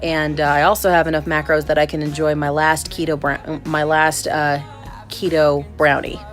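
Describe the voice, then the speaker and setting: A woman's voice: deep voice, flat delivery, moderate pace, soft background music. A woman talking to her viewers in a chatty, upbeat and candid video diary. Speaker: vlogger.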